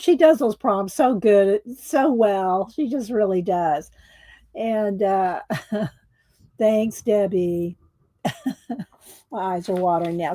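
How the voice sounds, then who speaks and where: A woman's voice: on the high side, darkish tone, no room sound. A woman hosts a casual art livestream, chatting in a rambling way and laughing often. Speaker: art channel host.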